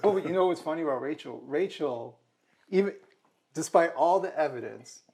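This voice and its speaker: A man who is a guest at a casual political chat over dinner at home, animated and laughing often. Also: a little high, normal speed. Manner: animated, laughs a lot, does mocking voices. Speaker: guest commentator.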